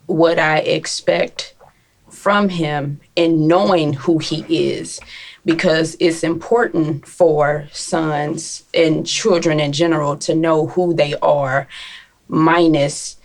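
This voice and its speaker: A woman with a low voice speaks as a guest in a discussion. She talks slowly and deliberately, pausing between phrases and stressing her key words. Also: steady tone. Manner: slow, deliberate, emphatic. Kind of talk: casual discussion.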